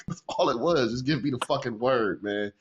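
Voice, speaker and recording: Excitable, profane podcast host man. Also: medium pitch, normal speed, muffled recording. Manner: profane, excitable, laughs often. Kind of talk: casual wrestling chat.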